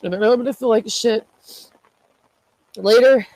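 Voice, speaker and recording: A distraught woman cries while vlogging an emotional confession, swearing and repeating herself as she vents. Her voice is on the high side with a darkish tone at normal speed, and the audio is poor, though there's no echo.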